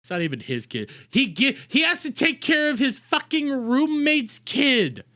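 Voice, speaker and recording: Lively, bright-voiced mocking streamer. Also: high voice, moderate pace. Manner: crude, profane, mocking rants. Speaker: streamer reacting to videos. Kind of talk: casual reaction commentary.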